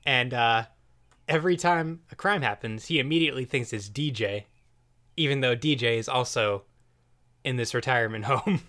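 A man's voice: mid-range voice, moderate pace, pushed and bright. A man hosting a podcast in casual chat, joking around and laughing often. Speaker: podcast host.

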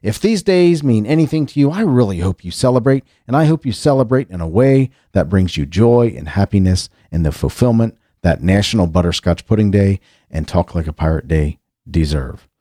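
A man's voice: on the low side, lively intonation, normal speed, dark tone, no echo, clean studio sound. A man hosting a casual solo show, chatting in a rambling way with frequent restarts and asides. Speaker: podcast host.

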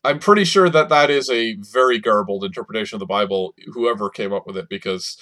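A man co-hosting a podcast in casual chat, animated and steering the discussion. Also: lowish voice, fast. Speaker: podcast co-host.

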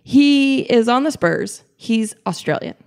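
A young woman co-hosting a casual basketball podcast, her voice carrying a slight gravelly fry. She talks in loose, giggly bursts with plenty of ums and self-corrections. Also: on the high side, lively intonation, takes it slowly. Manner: chatty, giggly, many fillers and restarts. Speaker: podcast co-host. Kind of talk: casual chat recapping a basketball game.

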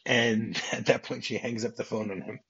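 A man's voice: on the low side, fairly even intonation, normal speed, fairly bright tone, husky. A man on a podcast as a guest, casually recounting a film script in a rambling way, with frequent restarts, acting out the quoted lines. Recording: dull lo-fi podcast audio.

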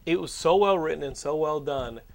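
A man's voice: on the high side, fairly quick, creaky. A man hosting a podcast in casual, profane, joking chat with friends. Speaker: podcast host.

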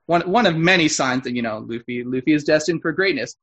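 A man with a slightly higher voice talks casually on a podcast, explaining background details like a knowledgeable fan. He often pauses to correct himself or add a point he missed. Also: lively intonation, fairly bright tone. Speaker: podcast co-host. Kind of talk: casual chat.

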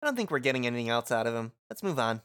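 A man reading the lines of a calm, smug teenage boy in a game, in a sly, teasing tone. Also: mid-range voice, rapid-fire, clean tone. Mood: dry.

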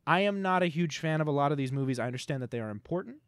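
A man's voice: fairly high pitch, expressive, very fast, clean tone, no room sound, clean studio sound. A man co-hosting a podcast, rambling and joking casually, swearing now and then. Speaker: podcast co-host.

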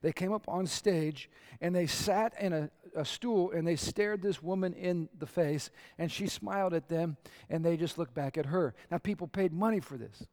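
A man preaching a sermon, conversational and animated, acting out quotes and asking the crowd questions. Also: sits high. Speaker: pastor.

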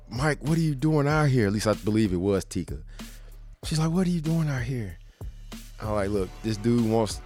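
A middle-aged man hosting a podcast, telling a story in a casual way, laughing often and acting out the lines of the people in it. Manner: animated, acts out quotes with raised pitch. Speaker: podcast host.

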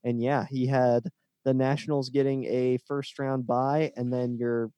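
A man's voice: medium pitch, flat delivery, a little slow, dark tone, dry recording. A man co-hosting a casual sports podcast, reading out matchups and steering the chat. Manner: reads out matchups, leading the talk. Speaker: podcast co-host.

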